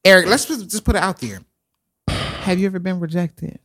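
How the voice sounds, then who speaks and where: A man co-hosting a podcast, talking in an animated, dramatic and emotional way, close to tears at times. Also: sits high, moderate pace. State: tearful. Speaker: podcast co-host. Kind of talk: casual podcast chat.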